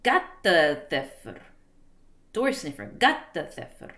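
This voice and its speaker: Animated, giggly woman streamer reading aloud. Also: medium pitch, slow. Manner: giggly, animated, stumbles over unfamiliar words. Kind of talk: reading a book aloud on a live stream, with asides.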